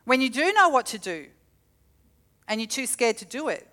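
A middle-aged woman preaching a sermon, telling stories with animated, acted-out quotes. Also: on the high side, normal speed. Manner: animated storytelling, acts out quotes.

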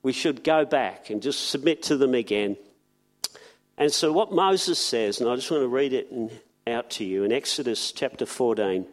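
A man preaching a sermon in an earnest way, often repeating words and slowing down on key phrases. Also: mid-range voice, animated.

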